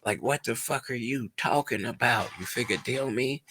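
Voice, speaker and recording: A man's voice: medium pitch, moderate pace, bright, forceful tone, breathy edge. A man in his twenties telling a personal story in a casual, laid-back way, swearing often and checking in with his listener. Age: 20s. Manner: laid-back, swears a lot, keeps asking "you know what I'm saying".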